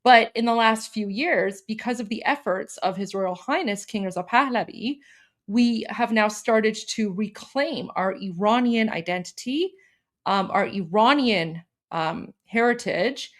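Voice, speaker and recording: A woman hosting a livestream, talking quickly and casually as she introduces a clip. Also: mid-range voice. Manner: quick, with frequent restarts and fillers. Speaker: livestream host.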